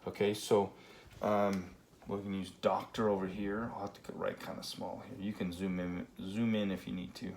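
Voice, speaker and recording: Man, low voice, spanish teacher, whiteboard lesson, relaxed, lots of fillers, faint background hiss. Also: moderate pace, creaky. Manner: relaxed, many fillers and okays.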